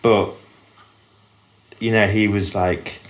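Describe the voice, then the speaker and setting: A man's voice: on the low side, flat delivery, slow pace, slight background noise. A man from Doncaster, England, co-hosting a comedy podcast in casual, rambling chat full of "like" and "um". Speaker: podcast co-host.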